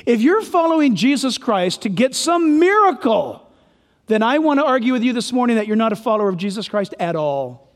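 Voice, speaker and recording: A man's voice: very high voice, long reverb tail. A male pastor preaching a sermon, emphatic and full of rhetorical questions.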